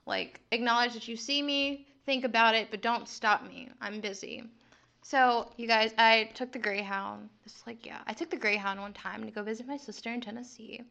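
A woman's voice: fairly high pitch, fairly even intonation, moderate pace, vocal fry, sharp tone. A young adult woman co-hosting a podcast, telling a story in a chatty, laid-back way. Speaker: podcast co-host. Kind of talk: casual chat.

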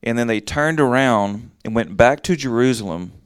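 A man's voice: mid-range voice, expressive, moderate pace, clean tone, no room sound, studio quality. A man giving a casual Bible teaching, reading verses aloud and then explaining them in plain, conversational talk.

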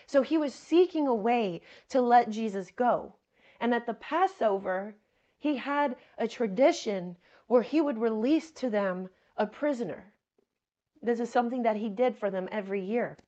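A woman with a fairly high voice preaches a sermon at a moderate pace, reading scripture aloud and earnestly explaining it. She repeats key phrases and calls her listeners friends. Her tone is mellow, and the recording sounds lo-fi.

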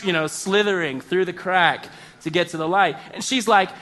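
A man telling a comedic personal story, animated and self-mocking, with exaggerated outbursts. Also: high voice, normal speed.

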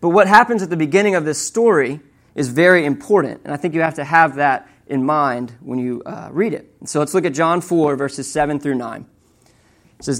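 A man's voice: a little high, normal speed. A young man preaching a sermon in a conversational way, often checking in with the audience with "right?" and telling stories with animation. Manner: conversational, keeps asking "right?"; animated storytelling.

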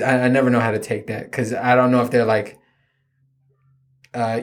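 A man's voice: medium pitch, steady tone, a little fast, long pauses. Man, podcast host, casual storytelling, self-mocking, swears a lot, rambles. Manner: rambling, self-mocking, profane, laughs often.

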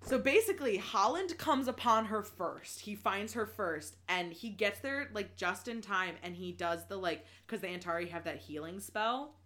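Animated swearing woman recapping a book. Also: mid-range voice, normal speed, hardly any pauses. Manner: animated, swears freely, laughs often, lots of restarts and "like". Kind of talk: casual book recap chat.

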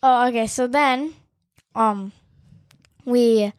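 A woman's voice: a little high, slow pace. A woman in casual chat, rambling through a story with many fillers.

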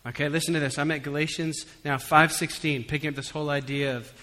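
A male pastor with a fairly high, bright and forward voice preaches at a quick pace. His delivery swings between soft, conversational stories with humorous asides and raised, emphatic appeals, and the church hall leaves a long reverb tail on every word.

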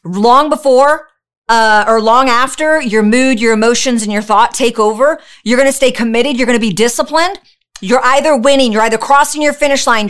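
Woman podcast host, fairly high voice, fired-up motivational monologue with a preacher's edge. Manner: energetic, preachy, talks straight to the listener with rhetorical questions.

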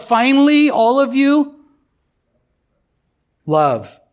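A man's voice: a little high, a little mellow. A middle-aged man preaching a sermon in a conversational, emphatic way, often checking in with the congregation. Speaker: pastor.

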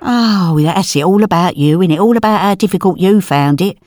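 A woman's voice: fairly low pitch, fairly quick, a little mellow, no room sound, clean studio sound, lightly acted. A woman playing a nosy, celebrity-obsessed older mum, talking in a brassy, defensive way in a scripted comedy sketch. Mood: indignant. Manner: brassy, defensive, casual slang. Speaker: comedy podcast character.

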